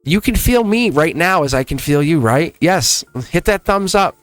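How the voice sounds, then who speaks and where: A man giving a casual tarot reading to his viewers, warm-hearted and emotional, with frequent laughs and asides. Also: on the high side, lively intonation, moderate pace, no echo, faint music behind. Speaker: tarot reader.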